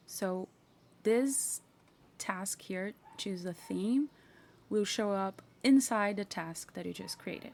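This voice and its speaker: A woman hosting a casual software tutorial, chatty and self-mocking, talking to herself as she clicks through. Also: mid-range voice, slow pace, gravelly. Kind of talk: casual screen-share tutorial.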